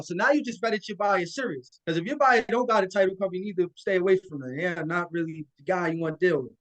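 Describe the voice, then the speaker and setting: A man's voice: high-pitched, fast talker, hardly any pauses, a bit bright, poor audio. A man coaching listeners on a live call in a casual, confident way, acting out phone calls. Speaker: guest land investor.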